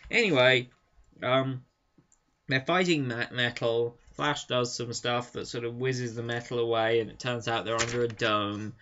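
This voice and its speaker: A man's voice: medium pitch, fairly even intonation, unhurried, pushed and bright. A young man giving a casual, amused and sarcastic spoken review. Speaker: comic book reviewer. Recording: dull lo-fi recording.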